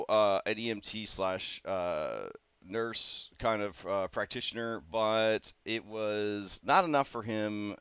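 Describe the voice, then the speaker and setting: A man working as a game master, talking casually through his campaign prep in a rambling, conversational way with many fillers and quick asides. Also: on the low side, a bit bright, smooth, no echo. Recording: dull, dry lo-fi recording.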